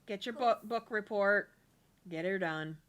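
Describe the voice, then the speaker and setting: A woman's voice: medium pitch, unhurried, a bit bright, smooth, natural voice. A woman voicing a tired, patient husband character in a life-sim game, speaking in a reassuring way.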